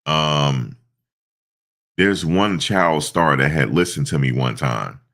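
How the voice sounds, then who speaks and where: A man's voice: rumbling low, slow, fairly bright tone. A stuffed-up man hosting a casual live stream, rambling through stories with lots of fillers. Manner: rambling storytelling with many fillers.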